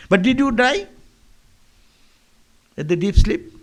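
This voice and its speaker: A man's voice: sits high, animated, slow. A man, a monk, giving a philosophical sermon at a monastery, repeating words like a chant and questioning his audience. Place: monastery lecture.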